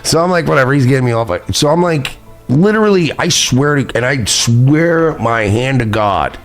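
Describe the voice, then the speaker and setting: A man's voice: medium pitch, expressive, moderate pace, soft background music. A man from New York hosting a podcast, telling a story in a rambling, profane, self-mocking way while intoxicated. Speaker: podcast host. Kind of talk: casual storytelling chat.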